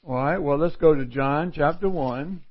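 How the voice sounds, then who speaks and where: A middle-aged man preaches at normal speed in a voice on the high side, reading passages of scripture and explaining them folksily. He leans on repetition for emphasis, and the recording quality is dull and lo-fi.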